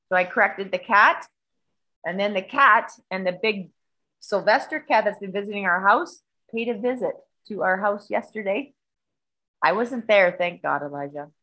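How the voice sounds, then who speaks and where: A woman's voice: medium pitch, bright, forceful tone, rough recording. A middle-aged woman telling a rambling, profane story in casual chat.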